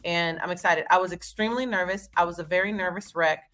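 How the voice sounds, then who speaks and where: A woman's voice: on the low side, steady tone, fast talker, a bit bright. A woman co-host chatting casually, laughing often and poking fun at herself. She calls in from far away, with faint music under her voice. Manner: chatty, laughing, self-mocking. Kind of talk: casual chat. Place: remote call from abroad.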